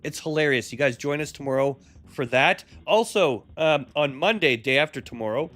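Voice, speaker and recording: A man calling a wrestling match on a live stream as play-by-play commentator and streamer, crude, joking and shouty. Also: a little high, expressive, normal speed. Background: music.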